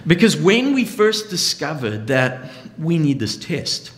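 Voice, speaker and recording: High-voiced preacher in a reverberant hall. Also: male voice, big pitch swings, measured pace, a little hiss or hum. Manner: earnest storytelling preacher. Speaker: pastor. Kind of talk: sermon. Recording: long reverb of a large hall.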